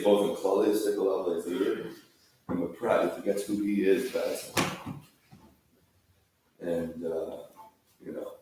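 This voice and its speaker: A man's voice: low voice, mellow, a little hiss or hum. A man telling a story in a sermon at a Tisha B'Av gathering, in a casual, repetitive way. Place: large hall, sitting on the floor. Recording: echoey hall from far off.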